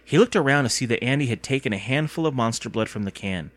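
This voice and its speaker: Expressive male storyteller, close dry sound. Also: medium pitch, quick pace, dry recording. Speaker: narrator. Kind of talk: audiobook narration.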